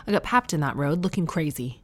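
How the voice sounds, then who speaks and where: A woman's voice: deep voice, expressive, brisk, faint music behind. A Canadian woman in her thirties, chatting at home in a self-mocking, opinionated way. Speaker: vlogger. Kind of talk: casual chat to camera. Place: indoors at home.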